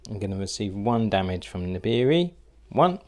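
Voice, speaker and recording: A man's voice: on the low side, big pitch swings, moderate pace. A man narrating a solo board game playthrough, thinking aloud and hesitating with fillers as he works out each move.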